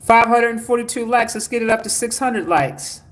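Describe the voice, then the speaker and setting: A man's voice: extremely high pitch, moderate pace, a bit bright. A man hosting a spiritual livestream, reading out viewer comments and urging people to like, share and donate. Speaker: spiritual teacher.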